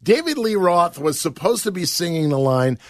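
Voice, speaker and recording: A male radio show host in casual banter, animated and laughing, with frequent stumbling restarts. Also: sits high, moderate pace, no room sound, clean studio sound.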